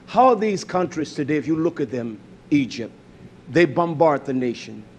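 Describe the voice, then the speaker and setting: Male preacher, fiery sermon, high and very lively delivery, loud then muttered. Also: normal speed, husky. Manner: fiery, swings between loud outbursts and low muttering; repeats phrases for emphasis, says hallelujah.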